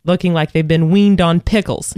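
A woman's voice: on the low side, fairly even intonation, moderate pace, warm tone, smooth, dry recording, studio quality. A woman co-hosting a casual radio chat, rambling with many restarts and laughs. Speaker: co-host.

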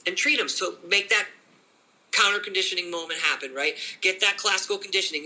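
A middle-aged man talking casually as a dog trainer, animated and quick to act out owners and dogs in little voices. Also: high-pitched, low-quality recording. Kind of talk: casual podcast conversation.

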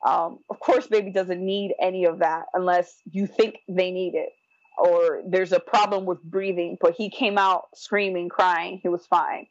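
A young woman talking fast and lively, slipping into the voices of the people in her story. The sound is dry and a little dull. She sticks "like" in everywhere as she goes. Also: fairly low pitch, no echo. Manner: animated, acts out quoted voices, frequent "like". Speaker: guest telling her birth story. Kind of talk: casual storytelling.

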